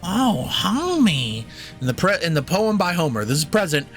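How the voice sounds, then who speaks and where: A young man co-hosting a film podcast talks fast and animatedly in a voice on the high side with a fairly bright tone. His casual film review is rambling, jokey, and profane, with faint music behind.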